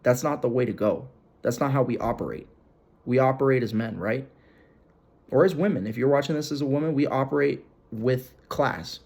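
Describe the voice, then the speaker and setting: A young man gives advice to camera in a relaxed, slangy way, with a blunt coaching push behind it. His voice sits at an ordinary middle pitch. He keeps driving his points home by repeating them. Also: normal speed, vocal fry. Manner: blunt, emphatic, repeats "you gotta". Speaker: self-help video host. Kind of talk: direct-to-camera advice talk.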